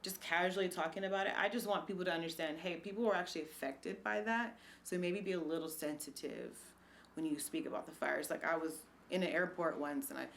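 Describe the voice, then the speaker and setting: A woman's voice: on the low side, brisk, gravelly, a bit bright, slight background noise. A woman whose family lost everything in a fire, earnestly asking people to be sensitive. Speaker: fire survivor's family member. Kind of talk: personal account.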